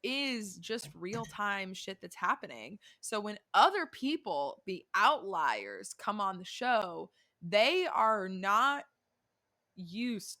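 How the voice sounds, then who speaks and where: A young woman co-hosting a podcast in a casual, animated chat, often restarting her sentences and swearing. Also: mid-range voice. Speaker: podcast co-host.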